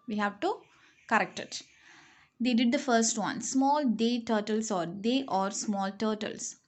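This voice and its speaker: Slow, deliberate woman teaching grammar. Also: on the high side. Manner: slow, deliberate dictation, spelling words letter by letter; repeats key words and checks with "okay?". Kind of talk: online grammar lesson for young pupils.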